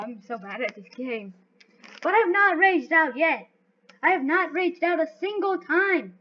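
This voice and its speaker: A woman giving live gameplay commentary, excitable and talking to herself as she plays. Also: sits high. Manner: excitable, talks to herself while playing. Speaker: gaming video host. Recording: dull lo-fi recording.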